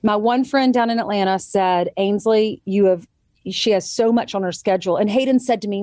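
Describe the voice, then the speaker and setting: A woman's voice: medium pitch, normal speed, dark tone, no echo, clean studio sound. A woman in her thirties chatting as a guest and telling a parenting story, quoting others vividly as she goes. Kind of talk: casual chat.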